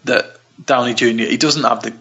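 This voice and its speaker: A man's voice: mid-range voice, steady tone, a little fast, sharp tone, slightly rough. A man chatting casually about films, rambling and enthusiastic, often restarting his sentences. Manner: rambling, enthusiastic, self-interrupting. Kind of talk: casual film chat. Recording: dull lo-fi recording.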